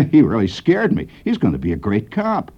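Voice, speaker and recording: A male radio humorist telling a comic story in a conspiratorial, animated way, on a muffled old radio broadcast. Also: mid-range voice, moderate pace.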